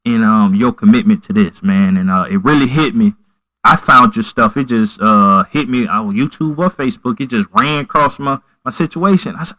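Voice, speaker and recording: A man's voice: medium pitch, moderate pace, sharp tone, dry recording, low-quality recording. A man hosting a podcast, talking loosely and repeating "you know" and "man" often. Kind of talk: casual interview chat.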